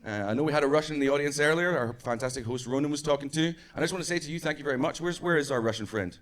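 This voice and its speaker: A Scottish man performing brash stand-up comedy, swearing freely and quickly acting out the people in his stories. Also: on the high side, fairly bright tone. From Scotland. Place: comedy club stage before a live audience. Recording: live club audio with crowd laughter.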